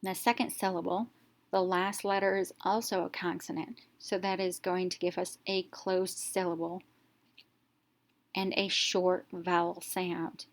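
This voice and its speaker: A woman teacher with a voice a touch lower than most, narrating an instructional lesson. She talks step by step, pausing to let each point settle, in a plain, careful classroom delivery. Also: little pitch movement. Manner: slow, step-by-step explaining.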